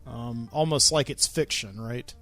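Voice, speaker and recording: A man's voice: mid-range voice, unhurried, a bit bright, soft background music. A man hosting his own podcast in a casual solo monologue, rambling and wry, with many ums and uhs. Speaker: podcast host.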